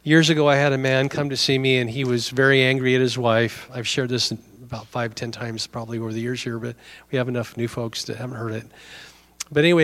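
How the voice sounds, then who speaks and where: A man's voice: medium pitch, fairly bright tone. A middle-aged male pastor giving a conversational sermon, telling a story and acting out both sides of the dialogue.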